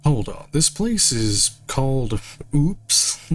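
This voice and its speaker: A man's voice: medium pitch, big pitch swings, slow, a little hiss or hum. Dry, jokey man streaming a game. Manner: reads dialogue options aloud, dry jokey asides. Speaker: streamer playing a video game. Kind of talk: casual gameplay commentary.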